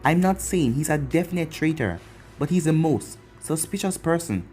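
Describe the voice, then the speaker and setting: A man voicing a scheming older male ninja elder in a measured, grave way. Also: a little high, animated, a little mellow, natural voice.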